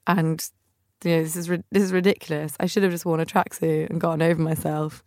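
A woman's voice: sits low, quick pace, no echo, studio quality. A woman hosting a podcast, telling funny stories in a chatty way and acting out the quotes. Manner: chatty, animated anecdotes with acted-out quotes. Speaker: podcast host. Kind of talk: casual storytelling monologue.

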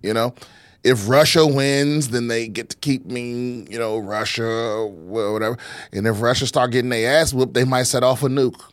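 A man co-hosts a podcast in a loose, rambling, profane way. He speaks at a mid pitch. The recording is dry, with no room sound. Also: steady tone, normal speed, dry recording. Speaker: podcast co-host. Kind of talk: casual podcast chat.

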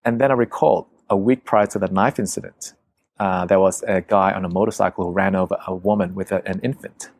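A man with a low, gravelly voice tells a story in a casual, conversational way. He is vivid and profane and slips into the voices of the people in it. The sound is dry and close. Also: steady tone, fairly quick, darkish tone, no echo. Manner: vivid, profane, acts out quotes. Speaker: guest telling a story.

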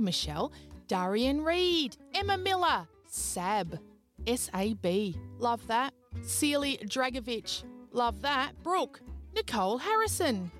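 A woman with an Australian accent hosting a podcast, chatting playfully and wandering into tangents while she thanks listeners. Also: on the high side. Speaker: podcast host. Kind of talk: casual chat, thanking patrons.

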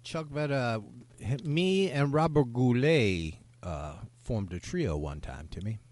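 A man co-hosting a comedy podcast, bantering with boastful, deadpan tall tales about himself. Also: medium pitch, unhurried, dry recording. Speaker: podcast co-host. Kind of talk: casual comedic podcast chat.

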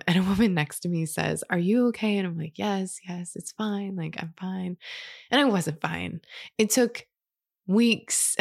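A woman, telling a candid personal story in a reflective way, with soft laughs. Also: lowish voice, gravelly, dry recording, studio quality.

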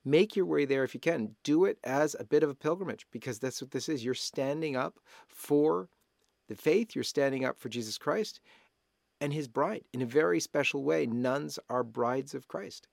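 A man's voice: medium pitch, moderate pace, gravelly, a little mellow, no room sound, clean studio sound. A man hosting a talk show, speaking in an emphatic, urging way. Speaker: host.

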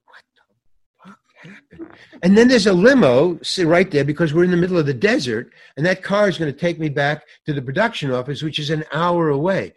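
Older man spinning a lively story. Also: on the high side, fast talker, hardly any pauses, breathy edge. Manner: lively storyteller, mimics others, laughs mid-sentence, swears casually. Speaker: guest actor telling a story. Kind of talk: animated anecdote with acted-out quotes.

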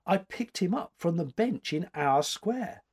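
A man doing a high, flustered young woman. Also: animated, measured pace, darkish tone, slightly rough, full character voice. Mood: plaintive.

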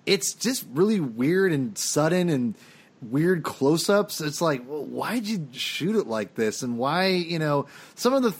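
A man with a slightly raised pitch talks through his film opinions in a loose, casual way. He rambles and restarts often, circling back over the same points. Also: very animated, unhurried, breathy edge. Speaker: podcast co-host. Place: home, dog heard drinking behind him.

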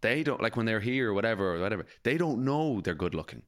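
A man's voice: lowish voice, big pitch swings, fast talker. A man co-hosting a comedy podcast, telling anecdotes and acting out other people's lines as he laughs along. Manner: storytelling, laughs often, mock-quotes people. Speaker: podcast co-host. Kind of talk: casual comedic banter.

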